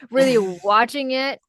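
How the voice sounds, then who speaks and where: A woman's voice: sits high, no echo. A young woman co-hosting a podcast, chatting casually about a horror movie with plenty of filler words. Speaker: podcast co-host.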